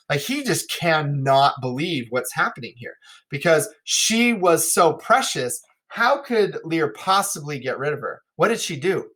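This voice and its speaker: Male teacher, casual and chatty, bright voice. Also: a little high, big pitch swings, unhurried. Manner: casual, chatty, frequent "right?" asides. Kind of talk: lesson explaining a play.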